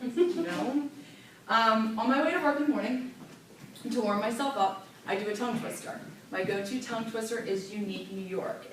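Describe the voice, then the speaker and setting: A woman radio host teaching a class, lively and demonstrative, stressing clear enunciation. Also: mid-range voice, background noise. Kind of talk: classroom lesson. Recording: echoey room picked up from far.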